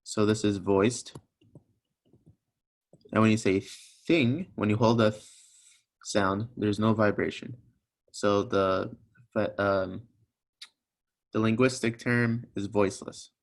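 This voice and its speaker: A man's voice: on the low side, fairly even intonation, slow, pauses often. A young man teaching a recorded language lesson, patiently explaining each sound step by step and repeating examples.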